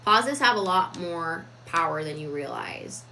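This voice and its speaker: Bright-voiced woman in a casual talk. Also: on the low side, lively intonation, a little hiss or hum, poor audio. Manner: reflective, deliberate, with frequent fillers. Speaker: self-improvement vlogger. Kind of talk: casual talk on personal growth.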